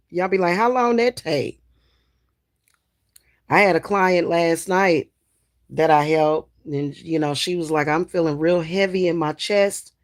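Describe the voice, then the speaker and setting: Slow-talking woman in slangy, profane chat. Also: on the low side. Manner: slangy, loose and profane, laughs often. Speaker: spiritual reader and spellworker. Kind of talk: casual livestream chat.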